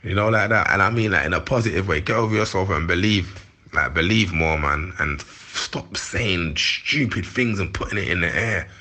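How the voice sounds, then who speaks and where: A man's voice: low-pitched, sharp tone. A man in his forties with a London accent, talking heatedly in street slang as an interview guest. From London, England. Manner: heated, slangy, quick to laugh. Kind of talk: candid interview chat.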